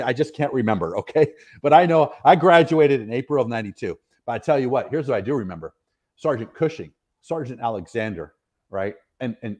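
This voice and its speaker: A man's voice: medium pitch, darkish tone. A middle-aged American man, a retired soldier, telling stories as a podcast guest in an earnest, rambling way with frequent laughs. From United States. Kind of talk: casual interview storytelling.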